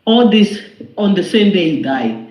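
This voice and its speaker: A man's voice: high voice, sing-song, measured pace, darkish tone. A man talking in a casual group discussion as a panelist, emphatic and repeating himself to press his point. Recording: echoey muffled online call.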